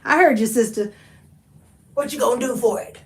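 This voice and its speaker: A woman, hosting a casual thrift haul livestream, animated and chatty, calling viewers honey. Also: a little high, normal speed, far from the mic.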